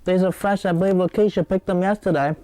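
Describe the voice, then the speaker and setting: A man's voice: high-pitched, steady tone, fast talker, warm tone. A man hosting a comedic cooking show, rambling and digressing with many hesitations.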